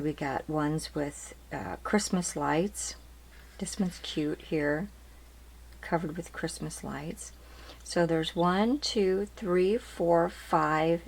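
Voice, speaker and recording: On her craft channel, a woman with a lowish, creaky voice casually presents ribbons one after another. Chatty and prone to repeating details, she keeps asking whether they're cute, in an easygoing show-and-tell of products.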